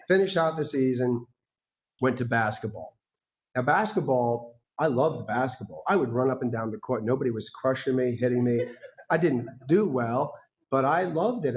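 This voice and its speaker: A man giving a talk as a guest speaker, telling personal stories in a lively way, acting out the voices of people he quotes and laughing often. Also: medium pitch, normal speed. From United States. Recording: dull lo-fi recording.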